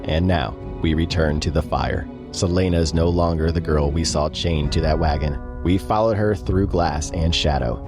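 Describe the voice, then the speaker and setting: A man voicing a mysterious male keeper of assassins' secrets, reading a scripted dramatic recap in a slow, measured way. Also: extremely low pitch, steady tone, over music, voice pushed down. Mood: ominous. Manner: slow, ominous, measured delivery.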